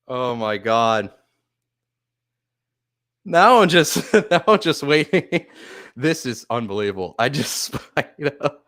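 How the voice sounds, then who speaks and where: Overwhelmed laughing man, slow and clear. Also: mid-range voice, sing-song, a bit bright. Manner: laughs often, swears, stunned and grateful. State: overwhelmed, shaky, close to tears. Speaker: sports live streamer. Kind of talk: casual live-stream chat.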